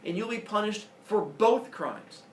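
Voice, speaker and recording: A man voicing a stern older male judge who lectures in a booming, emphatic way. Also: expressive, a little slow, slight background noise. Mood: forceful. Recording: echoey room, voice from far off.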